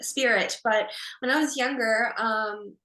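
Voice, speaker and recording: A woman podcast host telling a short personal story in a relaxed way, with small hesitations. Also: on the high side, measured pace. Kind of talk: casual podcast chat. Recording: echoey room.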